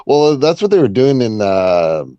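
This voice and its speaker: A man from Canada co-hosting a podcast, talking haltingly in casual chat with many fillers and chuckles. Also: medium pitch, very animated, mellow, clear, resonant tone, no room sound. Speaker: podcast co-host. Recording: dull lo-fi sound.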